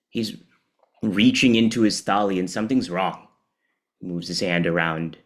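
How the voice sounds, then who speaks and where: A man giving a devotional storytelling talk in an animated, conversational way. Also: on the low side. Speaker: speaker at a temple celebration.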